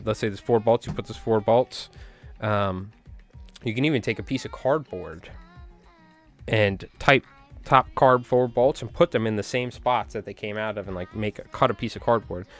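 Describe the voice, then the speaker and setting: A man hosts a fly tying live stream, chatting casually with viewers and rambling through anecdotes, chuckling often as he talks to chat. His voice is medium-pitched with a fairly bright tone.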